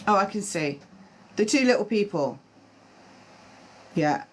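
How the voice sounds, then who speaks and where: A woman medium giving live-stream spiritual readings, talking in a halting way with many fillers and restarts. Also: mid-range voice, animated, slight background noise.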